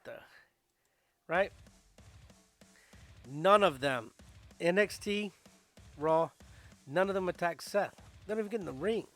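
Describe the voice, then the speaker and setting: A man's voice: fairly high pitch, fairly bright tone, no echo. A man hosting a podcast, recapping wrestling shows in a loose, chatty way full of fillers and asides. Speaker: podcast host.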